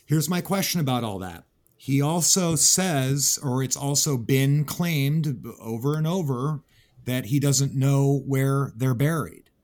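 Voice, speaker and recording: A man co-hosts a casual podcast, pressing his questions and reasoning out loud. His voice is mid-pitched and conversational. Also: a little slow. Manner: probing, reasoning aloud. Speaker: podcast co-host.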